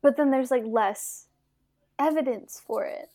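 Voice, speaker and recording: A woman's voice: high-pitched, unhurried, dark tone. A young woman co-hosting a podcast in casual chat, teasing and laughing often. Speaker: podcast co-host.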